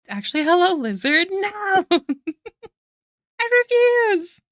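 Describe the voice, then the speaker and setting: A woman's voice: very high-pitched, very animated, measured pace, a bit bright, no echo, studio quality. A woman streaming her art live, chatting casually with viewers, giggling often and thanking them one by one.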